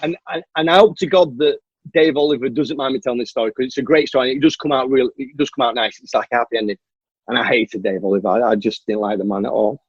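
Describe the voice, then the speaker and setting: A man's voice: mid-range voice, quick pace, husky, no echo. A man, a stuntman and martial artist, telling a long story as an interview guest and acting out the dialogue. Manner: animated storyteller who acts out the dialogue. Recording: dull, dry lo-fi audio.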